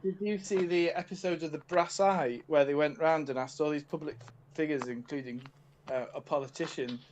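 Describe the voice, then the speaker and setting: A man in a loose podcast conversation, rambling with halting restarts and laughing a lot. His voice sits a little high for a man. A faint hiss of noise runs under the recording. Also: fairly even intonation, a little mellow, poor audio. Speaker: podcast co-host. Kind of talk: casual group chat.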